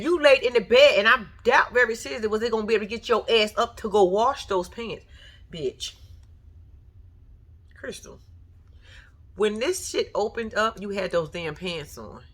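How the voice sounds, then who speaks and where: A woman's voice: medium pitch, fairly bright tone. A woman giving blunt, profane reaction commentary in a casual vlog, talking straight at the person on the show. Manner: blunt, profane, sassy, talks straight at the TV figure. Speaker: reaction vlogger.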